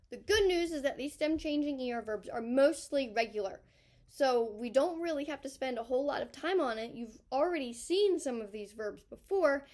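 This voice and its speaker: High-voiced woman teaching a grammar lesson. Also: a little mellow. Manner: patient, explains step by step and points at a table. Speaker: high school French teacher. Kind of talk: recorded grammar tutorial.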